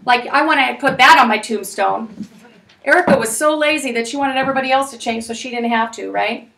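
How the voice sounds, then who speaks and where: A woman in her forties leading a parenting class, telling stories in a lively, chatty way with plenty of fillers. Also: on the high side, a little fast, creaky, far from the mic.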